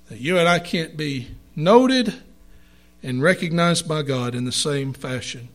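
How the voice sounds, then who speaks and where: Slow, high-voiced male preacher. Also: lively intonation, fairly bright tone. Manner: reads scripture aloud, slow and emphatic. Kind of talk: sermon.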